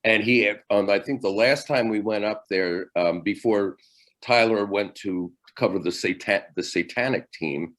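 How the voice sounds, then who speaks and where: Slow, low-voiced older male teacher. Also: a bit bright. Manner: halting, many fillers and restarts. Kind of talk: virtual class lecture. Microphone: video call.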